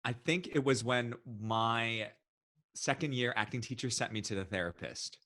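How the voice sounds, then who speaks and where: A man as a podcast guest, telling personal stories in an animated, expressive way. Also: medium pitch, normal speed, no echo. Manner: animated, expressive, acts out quoted voices. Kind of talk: casual storytelling interview.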